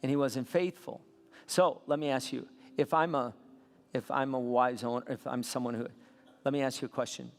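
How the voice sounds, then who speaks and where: A man preaching a sermon as a pastor, telling a story with lively swings between soft asides and loud bursts. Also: mid-range voice, normal speed. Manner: animated storytelling with sudden loud peaks. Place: church sanctuary. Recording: long hall reverb.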